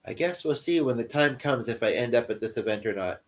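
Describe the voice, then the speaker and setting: Guy chatting to his live viewers, rambles a lot, laughs at himself, mid-pitched voice. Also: animated, a little fast. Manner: rambling, chuckling, self-deprecating. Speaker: livestreamer. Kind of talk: casual chat answering live viewers.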